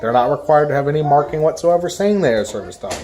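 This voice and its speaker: Speaking fast in a low-pitched voice, a service-dog handler addresses the camera in front of her with an informal, emphatic lesson, hammering home her main points. She mimics careless strangers with gusto, and a little hiss or hum runs under the recording.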